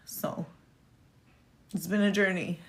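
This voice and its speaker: A woman's voice: medium pitch, fairly even intonation, takes it slowly. A young woman talking earnestly and tearfully about her faith on a live stream, repeating words for emphasis. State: tearful, near crying. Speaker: speaker sharing her story. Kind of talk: heartfelt personal talk on a live stream.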